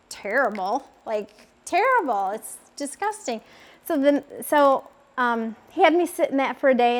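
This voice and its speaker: Animated woman telling her testimony. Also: on the high side. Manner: animated storytelling, acts out quoted voices, many fillers of "like". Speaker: speaker sharing a faith testimony. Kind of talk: personal testimony talk.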